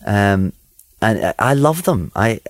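A man's voice: on the low side, lively intonation, takes it slowly, dry recording. A Scottish actor talking about his role in an interview soundbite, hesitant with many fillers.

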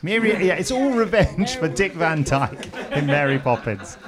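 A man's voice: fairly high pitch, big pitch swings, normal speed, a crowd in the background. A man hosting a podcast at a party, joking, teasing and laughing with guests. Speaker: podcast host. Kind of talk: casual chat at a party.

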